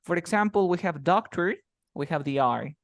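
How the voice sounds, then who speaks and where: Spanish-speaking English teacher, dry sound. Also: male voice, on the high side, animated, moderate pace, no room sound. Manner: explains with many examples and repeats himself. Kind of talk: casual online lesson.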